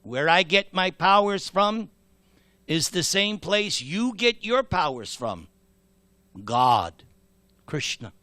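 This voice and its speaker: A man voicing a calm, fearless young devotee boy in a retold scripture story, speaking steadily and quietly. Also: high voice, slow pace, long pauses, no room sound, full character voice. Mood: calm, firm.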